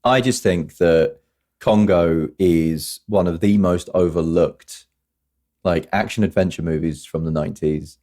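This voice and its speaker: A podcast co-host talks about films in a casual, rambling, playful way, frequently correcting himself and starting sentences over. His voice is low and dark in tone, and he speaks a little slowly.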